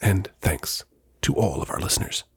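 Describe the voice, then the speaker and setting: A man's voice: low-pitched, normal speed, a bit bright, soft background music. A man hosting a podcast, reading a scripted introduction and a folktale with a dry, playful delivery. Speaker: podcast host. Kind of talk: scripted narration.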